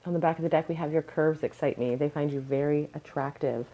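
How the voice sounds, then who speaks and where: Low, crackly-voiced woman reading tarot. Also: fairly even intonation, fast, dull audio. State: crackly morning voice. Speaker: tarot reader. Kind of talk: casual pick-a-card tarot reading.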